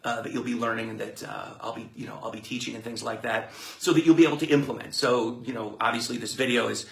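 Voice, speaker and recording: A man's voice: medium pitch, fairly even intonation, quick pace, creaky, echoey room. A man coaching authors on marketing in a rambling, playful lesson, joking and making up words as he goes. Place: room with a whiteboard.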